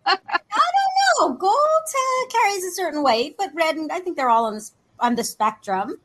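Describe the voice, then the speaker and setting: A woman chatting as a guest in a lively, playful, flirty way, joking as she talks. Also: extremely high pitch, moderate pace. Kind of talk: lively casual chat.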